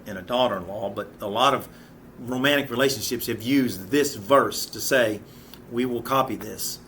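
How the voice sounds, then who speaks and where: A man's voice: medium pitch, fairly bright tone, a little hiss or hum. A man in his fifties teaching a Bible study in an earnest, conversational way, often restarting and repeating words. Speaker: Sunday school teacher.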